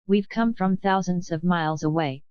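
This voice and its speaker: A boastful, grinning giant centipede calls down with amusement, voiced by a woman. The voice is low and smooth. The recording is dry and muffled. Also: normal speed, no room sound, close to an everyday voice. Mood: amused. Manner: shouting back, amused.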